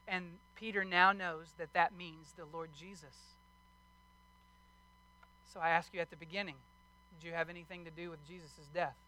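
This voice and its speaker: A male pastor preaching a sermon, earnestly pressing his listeners with pointed questions and reading scripture slowly. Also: high-pitched, pushed and bright, no echo, low-quality recording.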